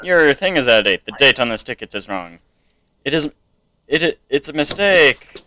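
Young guy doing let's play commentary, bright voice, close mic, little bit of background hiss. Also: medium pitch, lively intonation, normal speed. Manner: chatty, reads game text aloud, tries silly accents. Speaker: gameplay streamer.

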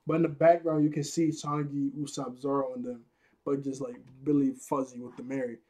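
Mellow man rambling in casual commentary. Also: mid-range voice, little pitch movement, a little fast. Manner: rambling, laughs often at his own jokes. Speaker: anime episode reviewer.

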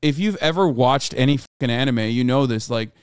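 A man streaming live, ranting casually to his chat, animated and exasperated, with heavy swearing. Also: medium pitch, a little fast, clean tone, dry recording, clean studio sound.

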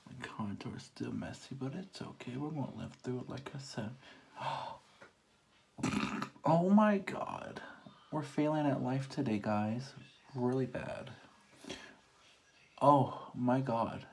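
A beauty vlogger talking through a casual makeup tutorial in a chatty, theatrical way. The voice swings between loud exclamations of dismay and soft whispered asides, with a faint hiss of noise behind it. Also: mid-range voice, a little slow, vocal fry.

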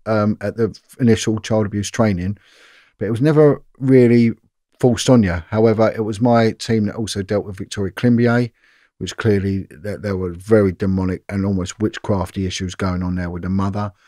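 A man's voice: lowish voice, normal speed, no room sound, clean studio sound. Man telling police stories. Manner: animated anecdotes with many fillers and repeats. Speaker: former police detective, guest. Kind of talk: storytelling interview.

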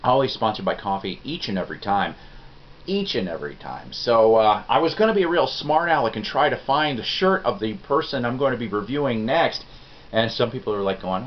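A middle-aged man hosts a music review vlog, talking straight to his viewers in a folksy, rambling, self-deprecating way. His pitch sits in a typical middle range, and the recording is a little dull and lo-fi. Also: very animated, fairly quick. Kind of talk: casual rambling review chat. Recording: dull lo-fi sound.

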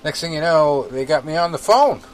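A man's voice: a little high, expressive, brisk, slight background noise, low-quality recording. Rambling man chatting on a podcast. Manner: rambling, filler-heavy storytelling. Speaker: podcast co-host. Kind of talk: casual chat.

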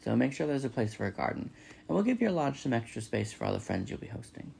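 A man doing a gruff old beaver. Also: mid-range voice, big pitch swings, fast talker, darkish tone, exaggerated voice. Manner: gruff, grumbling. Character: gruff, stubborn male beaver, grudgingly kind.

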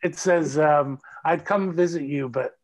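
A middle-aged actor chatting as a guest over a video call, telling animated stories and laughing often. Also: male voice, a little high, measured pace. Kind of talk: casual video call interview.

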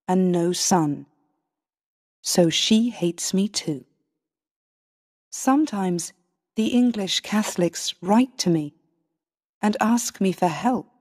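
A woman narrating a storybook in the first person, reading slowly and clearly with careful pauses. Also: lowish voice, a little mellow. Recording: long hall reverb.

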